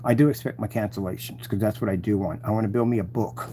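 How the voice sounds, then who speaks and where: A man's voice: fairly low pitch, fairly even intonation, fast, dark tone, a little hiss or hum. A man hosting his channel, mocking and taunting his rivals in a rambling live-stream rant.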